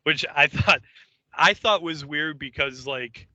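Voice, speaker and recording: Bright-voiced man on a dull mic. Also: fairly high pitch, takes it slowly, no room sound. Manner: chatty, chiming in with asides and laughs. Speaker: podcast co-host. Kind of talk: casual episode recap. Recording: dull, muffled podcast mic.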